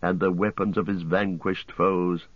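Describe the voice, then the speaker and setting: A man voicing a weary, grim male ranger and leader, speaking gravely. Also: deep voice, flat delivery, unhurried, no echo, muffled recording.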